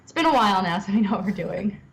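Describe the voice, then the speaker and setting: Young woman guest, chatty and self-deprecating, quick to laugh. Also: mid-range voice, animated, creaky, low-quality recording. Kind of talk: casual interview chat.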